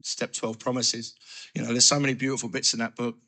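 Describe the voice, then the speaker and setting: Bright-voiced man telling his story. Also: mid-range voice, fairly quick. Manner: animated storytelling, acting out his own thoughts. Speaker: recovery speaker. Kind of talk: personal recovery testimony.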